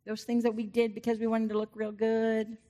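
A woman preaching a sermon, emotional, swinging from loud exhortation to soft, intimate passages. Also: a little high, monotone, fairly quick.

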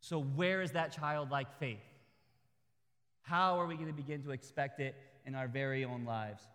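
A man preaching a sermon in a conversational, humorous way that builds to loud, high peaks. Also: moderate pace, big-room sound.

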